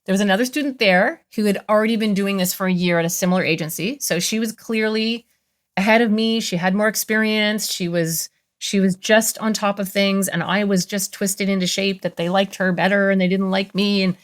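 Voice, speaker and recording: A middle-aged woman therapist tells stories on an interview show with an animated, expressive delivery. Her voice sits at a middling pitch and moves easily as she recounts events. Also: fairly quick. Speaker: therapist, podcast guest. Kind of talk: interview storytelling.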